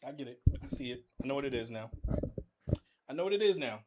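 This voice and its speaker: A hoarse man streaming a football game, ranting frustrated coach talk at his players, loud one moment and mumbling the next. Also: medium pitch, lively intonation, fast, pauses often, heavy background noise. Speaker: gaming streamer. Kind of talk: casual live commentary over a game.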